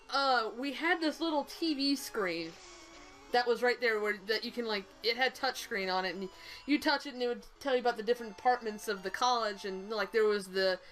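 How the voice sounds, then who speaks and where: A young woman with a Southern US accent tells a story in casual co-host chat, her voice pitched a little high. She rambles, talks bluntly and swears freely. Faint game music plays underneath. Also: a bit bright, rough recording.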